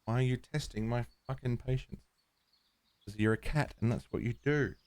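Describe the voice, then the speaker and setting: A man's voice: medium pitch, moderate pace, a little mellow. A man streaming a game live, chatting casually with his viewers and fussing at his cat as he plays. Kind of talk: casual livestream chat.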